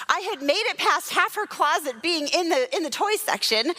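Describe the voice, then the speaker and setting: A woman children's pastor preaching at a church service, telling a personal story in a lively way, laughing and acting out what people said. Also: high-pitched.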